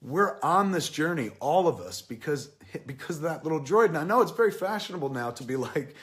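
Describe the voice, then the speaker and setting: A man's voice: a little high, expressive, normal speed, a bit bright. A man in his forties giving a casual, rambling film review, swearing often and getting emotional as he tells the story. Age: 40s.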